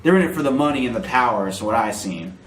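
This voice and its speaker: A man's voice: medium pitch, lively intonation, fast, faint music behind, voice pushed down, natural voice. A man playing a cocky young crocodile hired hand, talking in a laid-back, slangy drawl, with a roomy echo. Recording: roomy echo, faint noise.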